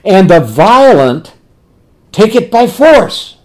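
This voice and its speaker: A preacher delivering a sermon in a very lively, rising-and-falling voice. He throws out rhetorical questions and answers them himself. On tender words he slows down and goes soft and quiet. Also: high-pitched.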